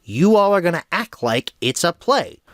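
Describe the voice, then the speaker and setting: A man doing an eccentric, excited schoolteacher. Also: sits high, moderate pace, dry recording, clean studio sound, voice pushed up. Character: eccentric enthusiastic female high school teacher.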